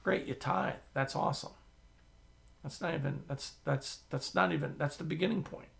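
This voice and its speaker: Gravelly preacher guy, kinda high voice, whispers then gets loud telling his stories. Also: normal speed. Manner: animated storytelling, drops to a whisper and swells loud. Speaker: pastor. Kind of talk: sermon.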